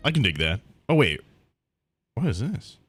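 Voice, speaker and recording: A man's voice: fairly low pitch, sing-song, normal speed, a bit bright. A man streaming casual reactions to game trailers, swearing often and exclaiming in surprise. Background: game trailer audio and music.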